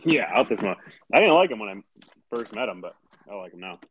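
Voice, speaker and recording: A man's voice: on the low side, sing-song, fairly quick, a little hiss or hum. A man co-hosting a casual podcast, laid-back and wisecracking with some swearing. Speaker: podcast co-host.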